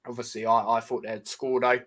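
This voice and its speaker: A man's voice: mid-range voice, flat delivery, a little fast, a bit bright. A young man, hosting a casual football predictions chat, talking loosely with many fillers and asides. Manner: chatty, filler-heavy, says "do you know what I mean" often. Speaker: football podcast host.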